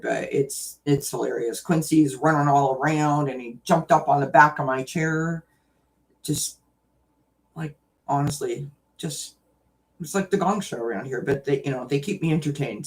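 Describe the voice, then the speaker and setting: A woman hosting a live stream, telling a story in a chatty, animated way and laughing often. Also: extremely low pitch, normal speed. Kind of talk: casual chat, storytelling. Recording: voice distant from the mic.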